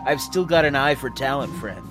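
A man's voice: medium pitch, expressive, music in the background, lightly acted. A man doing a slick, pushy talent agent. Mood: schmoozing. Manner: fast, slick salesman patter. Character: smooth-talking male talent agent, pushy schmoozer.

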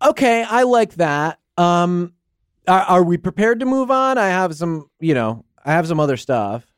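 Male podcast co-host, deadpan delivery, smooth voice, dry close recording. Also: high-pitched, normal speed, no echo. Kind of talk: improvised comedic banter.

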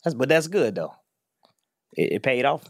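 A man's voice: medium pitch, big pitch swings, normal speed, no echo, studio quality. Play it as a laid-back man co-hosting. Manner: laid-back, encouraging listener with brief backchannels. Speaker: podcast co-host. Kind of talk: casual podcast chat.

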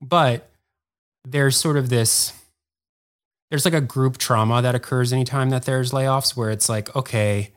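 A man's voice: mid-range voice, fairly even intonation. A man speaking as a guest on a podcast, telling a long story in a rambling, casual way and filling it with "like". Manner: rambling, heavy use of "like", quick bursts. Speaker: podcast guest, former editor.

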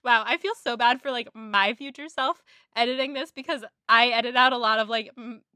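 A woman's voice: fairly high pitch, a little fast, pushed and bright, no echo, studio quality. A young woman co-hosting a podcast in casual book chat, giggly and gushing, sighing often. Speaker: podcast co-host.

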